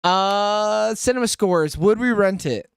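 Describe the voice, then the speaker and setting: A man's voice: sits high, slow pace, vocal fry, clear, resonant tone, no echo, studio quality. A man hosting a casual movie review podcast, laughing often and swearing freely as he asks the questions.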